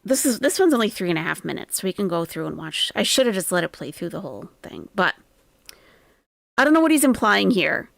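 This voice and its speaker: Gravelly-voiced woman reacting to clips. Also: medium pitch, sing-song, brisk, a bit bright, no echo. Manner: dry, wary commentary. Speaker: channel host reacting to a clip. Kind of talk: reaction commentary.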